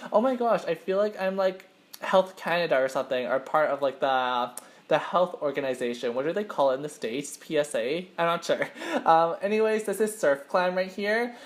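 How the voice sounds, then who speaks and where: Young male mukbang host, chatty and rambling, filler-heavy casual delivery. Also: on the high side. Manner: self-conscious, admits to nervousness. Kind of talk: casual eating-show chat to camera.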